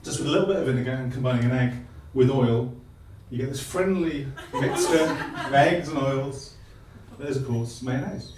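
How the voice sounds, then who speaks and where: A man giving a light-hearted science talk on stage, self-deprecating and halting, full of restarts. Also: mid-range voice, heavy background noise. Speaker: guest speaker. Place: live comedy venue. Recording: echoey hall from far off.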